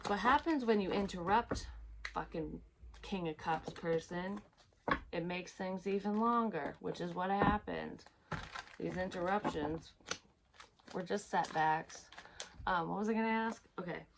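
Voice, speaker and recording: A woman's voice: on the low side, unhurried, gravelly, background noise. A woman giving a casual tarot reading, chatty, swearing freely and laughing at herself. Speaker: psychic tarot reader.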